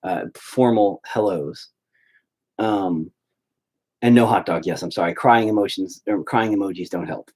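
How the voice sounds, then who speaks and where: A man's voice: low voice, a little slow, a little mellow. A man hosts a casual live stream and talks straight to his viewers. He rambles from one thought to the next and swears freely. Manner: profane, rambling.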